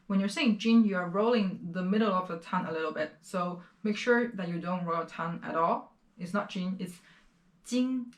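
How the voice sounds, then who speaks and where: A woman from China teaching a beginner Chinese lesson, explaining words slowly and repeating each pronunciation several times. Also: on the low side, echoey room. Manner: slow, careful explanations with repeated pronunciation drills.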